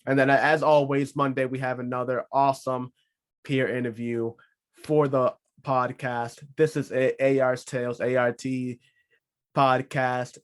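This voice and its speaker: A man's voice: mid-range voice, flat delivery, normal speed. Rambling joking male podcast host. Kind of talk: casual solo podcast talk.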